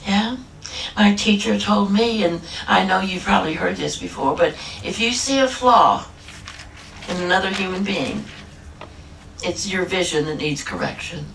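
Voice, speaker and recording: A woman preaching a lively, humorous sermon, stretching out her key phrases for emphasis. Her voice rings through a roomy church hall and is picked up from a distance, with a faint hum of ambience behind it. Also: mid-range voice, vocal fry. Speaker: guest minister.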